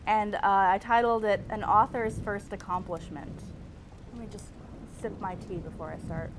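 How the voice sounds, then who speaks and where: Female host, mid-pitched, wry and self-mocking, casual stream chat. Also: fairly even intonation, normal speed, background noise.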